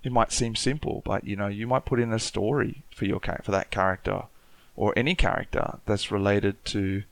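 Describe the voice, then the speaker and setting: A man's voice: lowish voice, fairly even intonation, moderate pace, gravelly, dry recording. An Australian man with an Aboriginal Australian accent, talking thoughtfully in a casual panel discussion, with many restarts. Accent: Aboriginal Australian English.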